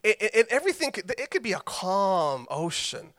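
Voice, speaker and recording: Male pastor, very high voice with a bright edge, casual joking sermon delivery. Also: sing-song, a little fast. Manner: conversational, joking storyteller.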